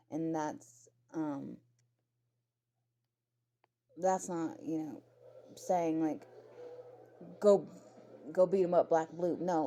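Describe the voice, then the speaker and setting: A woman's voice: on the low side, dark tone. A woman ranting in heated, profane commentary, often repeating herself, talking about her own kids along the way. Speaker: commentary creator.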